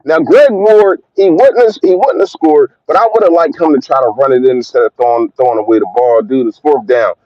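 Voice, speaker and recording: A man's voice: mid-range voice, brisk, hardly any pauses, warm tone, dry recording, highs cut off. A man hosting a fan livestream, ranting in a heated, emphatic way and repeating his points. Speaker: fan channel host.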